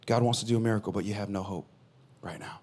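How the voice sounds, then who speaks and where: A man who is a pastor, preaching a sermon in a conversational way, swinging between loud bursts and quiet asides. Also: lowish voice, fairly even intonation, quick pace.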